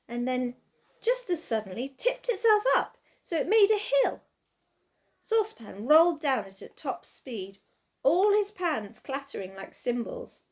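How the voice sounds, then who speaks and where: A woman reading a children's storybook aloud with expressive, sing-song narration. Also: high voice.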